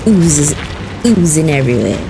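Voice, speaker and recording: Low voiced lady streamer rambling over game music. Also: very animated, a little slow. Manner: chatty, musing aloud. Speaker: gameplay streamer. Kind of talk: casual let's-play commentary.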